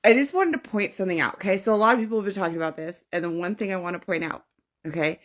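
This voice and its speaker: A woman talks straight to camera in a loose, heated rant. She swears freely, circles back to her points and keeps checking in with "okay?". Her voice sits in a middle pitch. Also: very fast. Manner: blunt, profane, repeats points with "okay?". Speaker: social media commentator.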